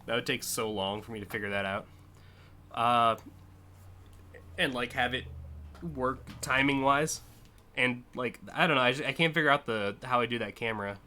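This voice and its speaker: A young American man hosting a live stream, rambling in casual commentary with lots of fillers and quick laughs. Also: mid-range voice, bright, forceful tone. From United States. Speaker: streamer hosting a community car contest.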